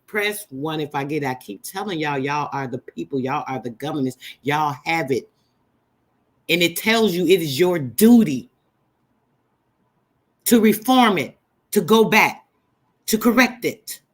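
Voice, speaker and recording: A woman's voice: deep voice, animated, unhurried, long pauses. Emphatic woman preaching to her live chat. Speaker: livestream host. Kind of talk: live-stream teaching chat.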